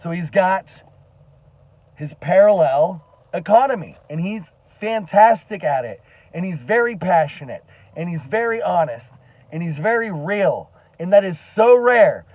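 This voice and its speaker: A man's voice: high voice, lively intonation, a little slow, no room sound, dull audio. A man giving an earnest, impassioned monologue to camera as a commentary vlogger, emphatic and swearing now and then.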